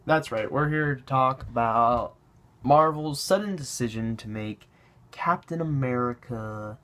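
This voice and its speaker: A man's voice: mid-range voice, unhurried, background noise. Sarcastic ranting male vlogger. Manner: sarcastic, laughing between points. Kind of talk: ranting commentary.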